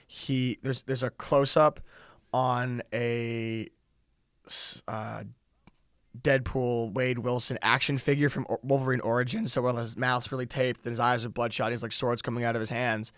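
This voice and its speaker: A man's voice: medium pitch, flat delivery, normal speed, a bit bright, clear, resonant tone, no echo, clean studio sound. A young man co-hosting a podcast in casual chat. He talks in long, run-on asides and laughs easily. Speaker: podcast co-host.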